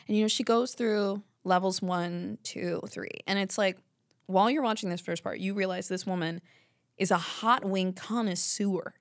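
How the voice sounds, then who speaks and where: A woman's voice: mid-range voice, fairly even intonation, moderate pace, dry recording, studio quality. A woman hosting a podcast, chatting casually and telling a rambling story full of asides. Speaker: podcast host. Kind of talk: casual chat.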